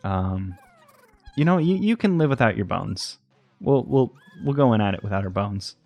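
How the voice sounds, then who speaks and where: A man's voice: lowish voice, lively intonation, moderate pace, gravelly, no echo, highs cut off. A man hosting a let's play, rambling and hesitant as he talks to the game's pets. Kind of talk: casual game commentary.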